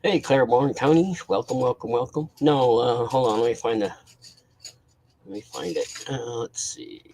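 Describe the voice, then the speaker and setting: A man's voice: mid-range voice, moderate pace, creaky, a little mellow, rough recording. A man hosting a casual live stream, greeting viewers and talking bluntly with plenty of swearing.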